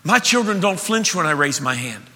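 A man preaching a sermon as pastor, emphatic and animated, often restarting his sentences. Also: a little high, normal speed. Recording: echoey hall.

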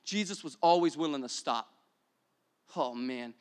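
A young man preaching a sermon as pastor, energetic and repetitive, building to exclamations. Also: on the high side, unhurried, clear, resonant tone.

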